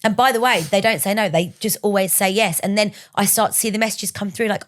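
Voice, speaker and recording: A woman's voice: mid-range voice, a little fast, hardly any pauses. A woman chatting frankly as a podcast guest and business mentor, with casual swearing. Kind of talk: casual chat.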